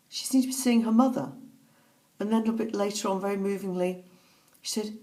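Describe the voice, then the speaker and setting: A woman speaking softly and haltingly, telling a personal story as reflective testimony. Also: mid-range voice, sing-song. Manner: soft-spoken, halting, with pauses and fillers. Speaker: author recounting a personal story.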